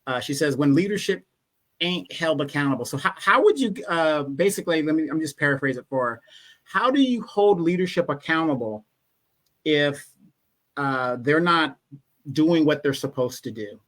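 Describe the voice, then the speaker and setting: A man hosting a casual interview, reading viewer questions in a relaxed, hesitant way with many fillers. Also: fairly high pitch, normal speed. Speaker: host.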